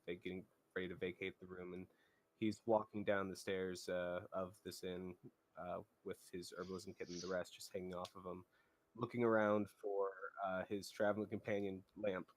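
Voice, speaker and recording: Low-voiced man casually playing a tabletop game. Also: normal speed. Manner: casual, relaxed, some fillers. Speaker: player.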